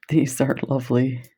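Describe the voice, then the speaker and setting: A woman's voice: very deep voice, dark tone, slightly rough. A woman presenting beads on camera in a casual chat, telling stories and laughing often. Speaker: bead shop video presenter.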